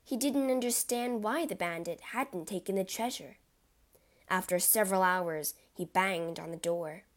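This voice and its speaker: Slow, dramatic woman narrating a storybook. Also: medium pitch.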